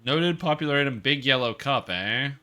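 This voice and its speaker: A man's voice: medium pitch, lively intonation, brisk, sharp tone. A man in his thirties streaming a game, joking and rambling as he reads chat aloud. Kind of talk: casual stream chat while gaming.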